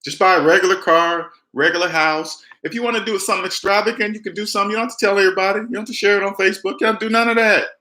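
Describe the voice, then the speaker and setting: A man giving emphatic personal finance advice straight to camera, mimicking people with big jumps in pitch. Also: steady tone, very fast, hardly any pauses, sharp tone, echoey room. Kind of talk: direct-to-camera advice talk.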